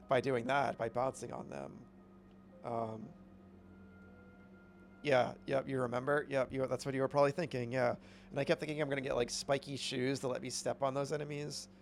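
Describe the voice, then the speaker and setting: A man's voice: medium pitch, fairly even intonation, moderate pace, vocal fry, soft background music. A man streaming a video game, chatting casually with rambling, upbeat commentary. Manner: rambling, self-correcting, upbeat.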